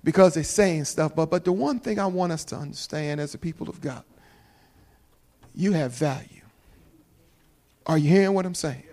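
A middle-aged man with a New Jersey accent preaching a sermon in church, talking fast and calling on the congregation to respond. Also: fairly high pitch, mellow, low-quality recording. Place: church sanctuary.

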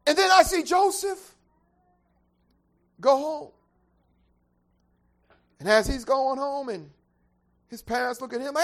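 A preacher telling a scripture story in a vivid, conversational way. The speaker checks in with the congregation and builds up to loud, high climaxes. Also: slow, long pauses. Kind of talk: sermon storytelling.

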